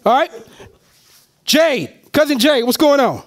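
A high-voiced man works a room full of listeners, his pitch leaping up and down as he sells them on a business. He talks in a loud, animated way, keeps calling out to the audience, and laughs often as he goes. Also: measured pace. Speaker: motivational speaker at a business opportunity meeting. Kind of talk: energetic live sales pitch. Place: meeting room with a live audience.

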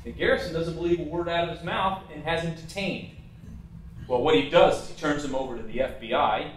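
A man's voice: a little high, a little hiss or hum. A man giving a casual, blunt, opinionated talk as a presenter over a slideshow. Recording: echoey room, mic at a distance.

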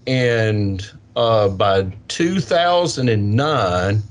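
An older man, a science educator, answering interview questions with lively storytelling and acted-out kids' voices. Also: lowish voice, drawn-out words. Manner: animated, acts out kids' voices. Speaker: science educator with a portable planetarium.

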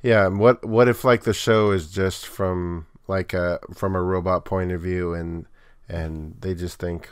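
A man co-hosting a podcast in casual chat, measured, with a wry, dry humor. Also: low voice, steady tone, clear, resonant tone, dry recording. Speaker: podcast co-host.

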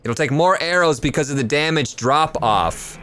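A man's voice: fairly high pitch, lively intonation, normal speed, bright, forceful tone, a little hiss or hum. A man streaming a video game live, talking to his chat, often frustrated and swearing. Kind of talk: live gameplay stream commentary.

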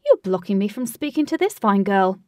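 A woman voicing a flustered, excitable gentleman in a storybook reading, speaking high-pitched and loud. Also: brisk, no room sound, recorded from a distance, natural voice. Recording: dry, voice set back from mic.

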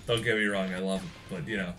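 A man's voice: low-pitched, fairly bright tone. A young man hosting a gaming channel, giving casual gameplay commentary in a rambling, joking way and often laughing mid-sentence.

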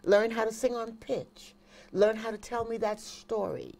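A woman's voice: a little high, a little slow, vocal fry. A woman, a singer and vocal coach, chatting as an interview guest and telling stories with emphatic repetition. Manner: animated storyteller, emphatic repetition.

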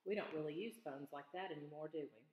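A woman's voice: sits low, fast talker, a little mellow, slight background noise. A woman teacher reads a children's storybook aloud and stops to ask her students questions about the story. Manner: asks questions to check students' understanding. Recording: echoey room with long reverb.

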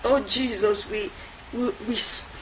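A woman with a high voice delivers a motivational talk. She hammers each point through repetition and rising, preacher-like build-ups. A faint hiss sits under her voice. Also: steady tone, measured pace, a bit bright, poor audio. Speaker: motivational speaker.

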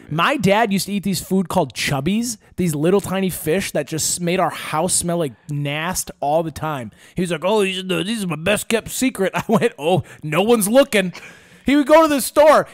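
A man hosting a casual podcast, ranting and swearing freely as he tells animated stories. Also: high-pitched, no room sound, clean studio sound. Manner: profane, ranting, animated storytelling. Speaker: podcast host.

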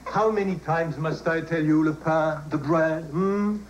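An actor playing a fussy, excitable teacher, on a hissy old VHS recording. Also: male voice, on the high side, a little slow, highs cut off, close to an everyday voice. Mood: exasperated. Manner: fussy, theatrical, scolding. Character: fussy male French teacher, stern yet excitable. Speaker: French teacher. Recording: loud hiss of an old VHS tape.

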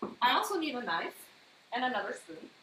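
A woman with a slightly high voice talks at a quick pace during a casual live baking demo in her home kitchen. Her step-by-step directions are interspersed with chatty, animated anecdotes, over an echoey room with faint noise.

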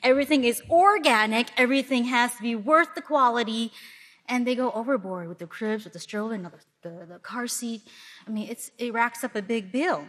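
A woman from the Upper Midwest preaching to a congregation, her voice sitting on the higher side. She speaks in a lively storytelling manner and breaks into little acted-out asides. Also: brisk. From Milwaukee, Wisconsin. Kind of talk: sermon.

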